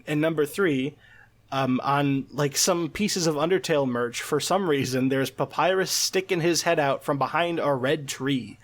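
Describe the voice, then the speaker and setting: A man hosting a casual podcast, arguing and swearing in animated, playful banter. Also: on the high side, normal speed. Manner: animated, swearing, argumentative, laughing. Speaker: host.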